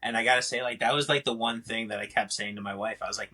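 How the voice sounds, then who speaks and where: A man's voice: lowish voice, quick pace, sharp tone, rough recording. A young man hosting a casual podcast chat, joking and teasing his guests and swearing casually. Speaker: podcast host.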